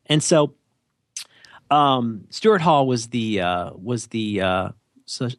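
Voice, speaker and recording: A man's voice: medium pitch, extremely slow, no room sound, studio quality. A man co-hosting a podcast, talking in a casual, rambling, jokey way and often cutting himself off. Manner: animated, jokey, rambling with self-interruptions. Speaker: podcast co-host.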